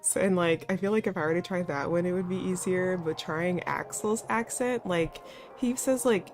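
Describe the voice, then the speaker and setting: A woman's voice: lowish voice, moderate pace, a little mellow. A woman streamer chatting casually while playing, often laughing and poking fun at herself. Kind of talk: casual let's-play commentary. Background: faint background music.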